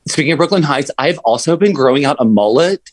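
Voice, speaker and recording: Chatty podcast co-host man, lively pitch. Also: fast. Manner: chatty, many fillers, laughs often. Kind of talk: casual chat.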